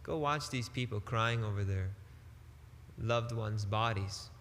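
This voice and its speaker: A man giving a devotional sermon as a spiritual teacher, emphatic and deliberate, with casual turns of phrase. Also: fairly low pitch, a bit bright, in a large hall, slight background noise.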